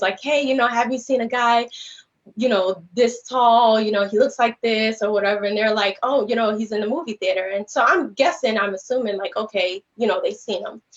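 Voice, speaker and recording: A woman guest speaker earnestly retelling a personal story on a podcast, rambling and peppered with "you know" and "like". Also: medium pitch. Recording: slightly dull lo-fi livestream audio.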